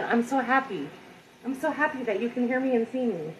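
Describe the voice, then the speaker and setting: A woman's voice: on the high side, lively intonation, fairly quick, roomy sound, far from the mic, slight background noise, rough recording. A woman chatting casually with her viewers as she cooks a simple meal on a live stream at home, talking to them directly and poking fun at herself. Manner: chatty and self-deprecating, talks to viewers directly. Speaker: home cook hosting a live cooking stream. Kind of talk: casual live cooking chat. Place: home kitchen.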